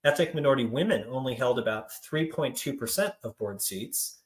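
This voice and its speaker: A young man from Central Kentucky leads a training session, his voice sitting at an everyday middle pitch. He talks in a loose, conversational way, leaning on frequent fillers as he tells stories. The room around him has a noticeable echo. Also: animated, a little fast. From Central Kentucky, United States. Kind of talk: training presentation. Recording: roomy echo.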